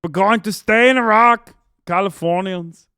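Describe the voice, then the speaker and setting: A male streamer putting on a loud, exaggerated impression of a male action-star governor, drawn out and bellowing. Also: sits high, measured pace, clean tone, no room sound, studio quality, pitched above the performer's own voice. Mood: booming mock.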